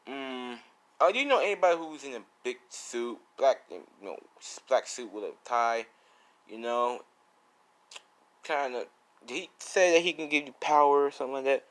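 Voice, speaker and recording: Man playing earnest grown-up hero teacher, pitched up a little, questioning; fan story aside. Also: lively intonation, normal speed, a bit bright, lightly acted.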